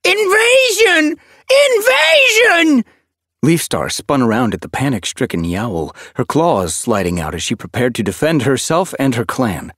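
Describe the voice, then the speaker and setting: A man narrating a fantasy audiobook, expressive and reading from a script. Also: medium pitch, normal speed, few pauses, husky, no room sound, studio quality. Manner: expressive, shifting voices for characters.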